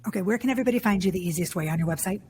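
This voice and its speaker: A woman's voice: mid-range voice, darkish tone, a little hiss or hum. A woman around fifty hosting a podcast interview, effusive and chatty, heaping praise on her guest. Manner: effusive, gushing, quick and chatty. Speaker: podcast host.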